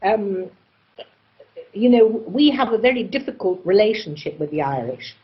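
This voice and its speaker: Theatrical English actress, mid-pitched. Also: female voice, normal speed, dull audio. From England, born in Oxford. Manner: theatrical, expressive, mimics voices freely. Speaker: actress, festival guest. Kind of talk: conversational interview.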